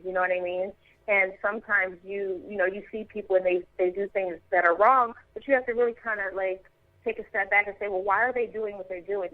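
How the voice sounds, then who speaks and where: A woman's voice: mid-range voice, dry recording. A woman from Chicago, an actress, chatting casually in an interview with many fillers and restarts. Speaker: actress guest. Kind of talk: casual interview over the phone. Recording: tinny phone line.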